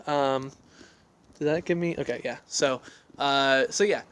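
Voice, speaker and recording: A man with a medium-pitched, fairly bright, clean voice hosts a casual livestream from an outdoor deck, speaking unhurriedly into a phone on a selfie stick. He rambles, pokes fun at himself, and reads viewer questions aloud as he answers them.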